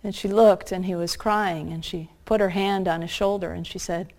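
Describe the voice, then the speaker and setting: A woman's voice: mid-range voice, steady tone, a little mellow. Earnest woman preaching a story. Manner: earnest, slows down for emphasis. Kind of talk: sermon storytelling.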